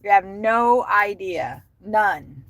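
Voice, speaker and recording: A woman's voice: mid-range voice, animated, slow, a bit bright, no room sound, rough recording. A woman delivery driver ranting angrily on a livestream from her car, swearing constantly. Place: inside a car while driving.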